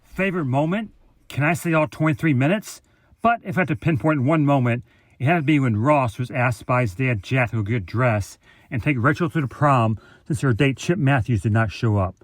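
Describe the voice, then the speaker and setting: A man's voice: mid-range voice, normal speed, no room sound. A man sending in a recorded message to a podcast, reading his comments in an earnest, enthusiastic way. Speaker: listener sending in a clip. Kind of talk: read-out listener message.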